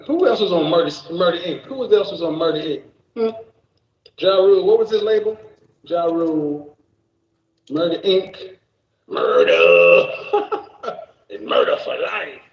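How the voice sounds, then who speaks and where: A man's voice: sits high, expressive, unhurried, pauses often, reverberant, highs cut off. A man hosting a casual reaction stream, joking around, cursing and laughing often. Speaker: streamer host.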